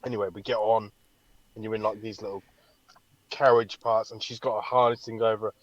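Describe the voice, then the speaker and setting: A man co-hosting a podcast, telling a story in an animated way and swearing freely. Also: fairly low pitch, fairly quick, no room sound, muffled recording. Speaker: podcast co-host. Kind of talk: casual chat.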